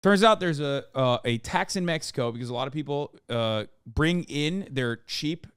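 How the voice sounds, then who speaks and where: Smooth-voiced man telling a story animatedly. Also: mid-range voice, moderate pace, no room sound, clean studio sound. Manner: animated, swears, acts out quoted officials. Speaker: podcast guest telling a story. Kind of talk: casual storytelling.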